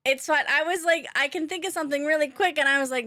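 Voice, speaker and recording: A woman's voice: high-pitched, brisk, pauses often, fairly bright tone, no echo, studio quality. A woman streaming a game, chatting casually with her viewers, greeting them by name, laughing often and swearing offhandedly. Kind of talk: casual live-stream chat while gaming. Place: her own room at home.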